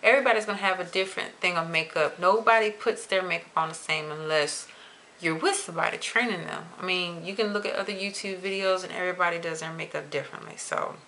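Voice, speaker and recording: A young adult woman vlogging to camera in a chatty, expressive way, stretching words for emphasis. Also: lowish voice, fast talker, a little hiss or hum. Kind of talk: casual chat to camera.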